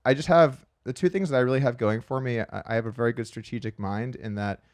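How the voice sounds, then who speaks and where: A man being interviewed on a podcast, telling stories about his life in a quick, chatty way with frequent restarts, sometimes acting out the voices of people in his stories. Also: mid-range voice, steady tone, darkish tone, no echo, clean studio sound. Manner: acts out quoted voices in his anecdotes. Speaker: podcast guest, professional poker player. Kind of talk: casual storytelling interview.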